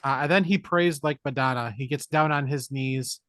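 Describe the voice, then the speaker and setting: Podcast co-host, male, mid-pitched, jokey plot recap, dry close sound. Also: moderate pace, dry recording. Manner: animated, jokey retelling with put-on character lines. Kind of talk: casual movie recap chat.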